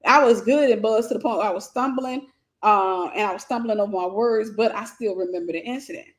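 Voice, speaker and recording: A woman host telling a personal story, animated and repeating phrases for emphasis. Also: medium pitch, fairly quick.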